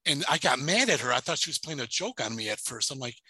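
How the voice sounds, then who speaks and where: A middle-aged man, a paranormal investigator, telling a personal story as a guest in an interview, halting and repeating words as he goes. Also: medium pitch, lively intonation, pushed and bright, slightly rough, dry recording, rough recording.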